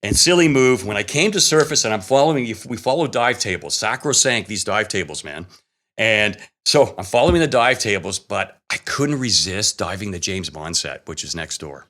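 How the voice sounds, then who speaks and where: A man, a guest, telling a story in a casual, animated way, often laughing and acting out what people said. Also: fairly low pitch, normal speed. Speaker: guest cameraman telling stories.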